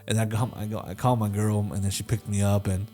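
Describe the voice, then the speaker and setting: A man's voice: lowish voice, little pitch movement, fast, mellow. A man in his twenties, co-hosting a podcast, tells stories in a loose, casual way that is full of swearing, fillers and restarts, and he briefly acts out the other people in them. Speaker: podcast co-host answering listener questions. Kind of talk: casual storytelling.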